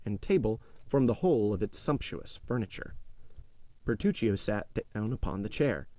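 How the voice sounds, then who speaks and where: A man narrating a classic novel aloud in a measured storytelling manner. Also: fairly low pitch, warm tone. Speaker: audiobook narrator.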